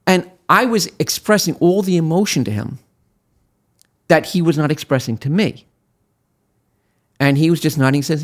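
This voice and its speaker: A man in his sixties from Brooklyn, an attorney telling stories as an interview guest, animated, with many fillers and restarts. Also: on the high side, brisk. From Brooklyn, USA. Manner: animated storyteller with many fillers and restarts who acts out quotes. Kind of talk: interview storytelling.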